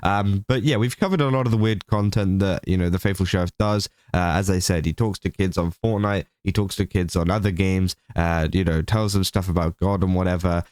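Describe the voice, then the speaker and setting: Man, low voice, smooth and clean, dry close sound, casual rambling commentary, lots of fillers. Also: fairly even intonation, brisk, hardly any pauses, darkish tone, no room sound. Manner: rambling, many fillers, laughs between points. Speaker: commentary channel host.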